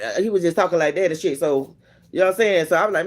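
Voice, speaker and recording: A man hosting a vlog, casually telling a story to a friend in a profane, animated way and acting out what people said. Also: a little high, rapid-fire. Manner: animated, profane, acts out quoted dialogue. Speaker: vlog host.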